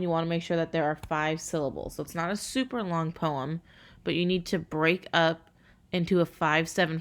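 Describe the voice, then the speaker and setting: A woman teacher recording a lesson for her class, talking casually with many fillers and slowing down to count syllables aloud. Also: on the low side.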